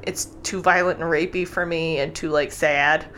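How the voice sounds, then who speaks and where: A woman's voice: sits low, fairly even intonation, normal speed, fairly bright tone, a little hiss or hum. A woman co-hosting a podcast in casual chat, rambling with lots of fillers and laughing easily. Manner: chatty, full of "like" fillers, laughs often. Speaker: podcast co-host.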